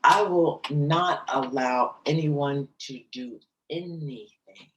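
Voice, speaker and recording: A middle-aged woman, a jazz singer as guest, slowly and emotionally telling a personal story in an interview. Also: sits low, roomy sound, distant mic, dull audio. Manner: slow, soft, emotional recounting. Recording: voice slightly off-mic, faint background noise.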